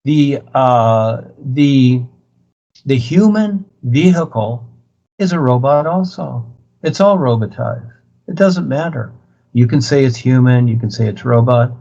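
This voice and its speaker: A man's voice: medium pitch, expressive, a little slow, creaky, warm tone. Brief: man, spiritual teacher type, lecturing over a dull video call, repeats himself, keeps pressing his point. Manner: insistent, repetitive, preachy. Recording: muffled video-call audio.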